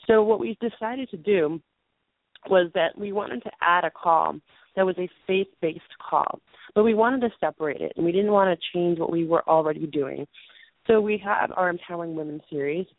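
A hoarse woman in her late twenties, losing her voice as she co-hosts a call-in show. She talks in an earnest, rambling way, clearing her throat and restarting sentences. The sound is a thin, tinny phone line with no room around it. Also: fairly low pitch, normal speed, no echo. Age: 20s. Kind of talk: casual show announcement.

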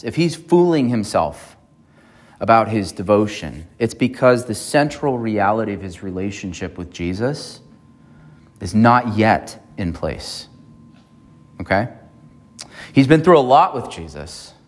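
A lower-pitched man preaching a sermon in a church. He talks in an easy, conversational way and keeps asking his listeners whether they remember. This is a pastor's sermon with a relaxed, chatty delivery. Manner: conversational, checks in with the congregation.

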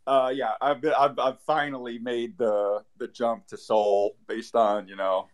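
A man's voice: mid-range voice, flat delivery, unhurried. Rambling, joking man on a live show. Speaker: guest speaker. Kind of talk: casual chat.

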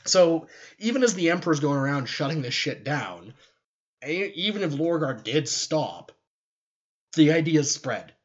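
A man's voice: fairly high pitch, very animated, unhurried, highs cut off. A man co-hosting a podcast, animatedly explaining a fictional universe's lore in casual chat with joking asides. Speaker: podcast co-host.

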